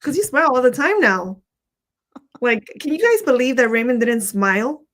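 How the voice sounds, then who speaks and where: A woman's voice: a little high, lively intonation, moderate pace, a bit bright. A woman hosting a casual livestream. She talks chattily and laughs at herself often. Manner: giggly, chatty, self-conscious. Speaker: host.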